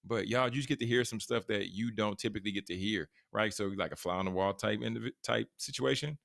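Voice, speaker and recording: A male podcast host talking in loose, casual chat with a low, gravelly voice. He repeats himself as he gets going and throws in hype sign-offs. The sound is close and dry. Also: fast, a bit bright, no room sound.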